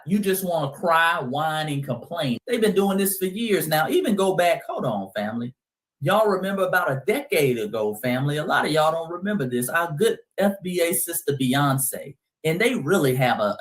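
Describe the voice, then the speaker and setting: A man hosting a heated commentary monologue, speaking emphatically and calling his listeners family. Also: fairly high pitch. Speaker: host.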